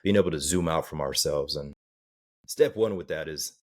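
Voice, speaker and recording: A man's voice: very deep voice, normal speed. A man from the American South, a life coach, talking earnestly in an interview and acting out the people he quotes. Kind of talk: casual interview talk.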